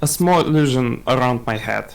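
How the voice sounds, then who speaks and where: A man playing a tabletop game, speaking in a hesitant, halting way. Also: medium pitch, expressive, creaky, rough recording. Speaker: player. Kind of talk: casual tabletop play.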